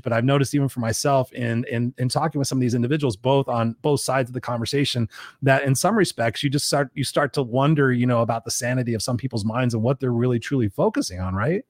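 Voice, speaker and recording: Podcast host, fast talker, rambling questions, dry close mic. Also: mid-range voice, steady tone, a little mellow, no room sound. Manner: rambling, thinks aloud with restarts. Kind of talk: casual interview.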